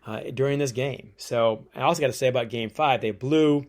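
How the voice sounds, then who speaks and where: A man, an author interviewed as a guest, telling stories in a lively way and acting out quotes. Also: mid-range voice, brisk. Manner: lively storyteller who acts out quotes. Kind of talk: storytelling interview.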